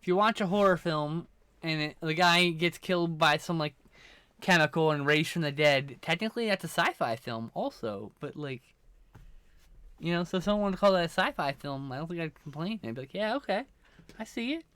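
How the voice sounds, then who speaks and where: Smooth-voiced sleepy man chatting to stream. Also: fairly high pitch, fairly quick, a bit bright, no echo. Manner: rambling, swears casually, addresses chat. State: sleepy, yawning. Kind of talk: casual live-stream chat.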